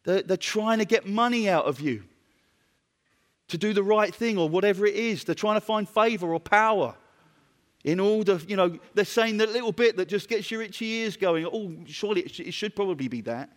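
A man's voice: high-pitched, moderate pace, long reverb tail. A man from Britain with a British accent, preaching a conversational sermon and putting questions to his congregation.

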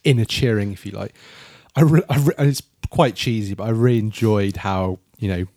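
A man's voice: lowish voice, fairly quick, darkish tone, dry recording. Man rambling in film chat. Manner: rambling, restarts often. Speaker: podcast co-host. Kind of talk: casual film review chat.

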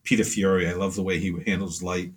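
A man's voice: sits low, level tone, brisk, breathy edge. A man chatting casually as an interview guest, rambling through stories with many fillers and acting out other people's lines. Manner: rambling storyteller, many fillers, acts out quotes. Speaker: pastel artist guest.

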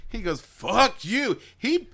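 Podcast guy ranting about a show, swears a lot, bright lively voice. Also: very high voice, takes it slowly, gravelly. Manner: animated, swearing, acting out quotes with laughs. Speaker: podcast co-host. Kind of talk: casual chat recapping a show.

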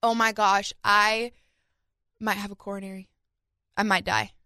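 A woman's voice: mid-range voice, level tone, a little slow, pushed and bright, smooth, no echo, clean studio sound. A young woman co-hosting a podcast, chatting casually and telling stories with acted-out quotes. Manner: chatty storyteller, acts out quotes of family. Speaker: podcast co-host. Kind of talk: casual chat.

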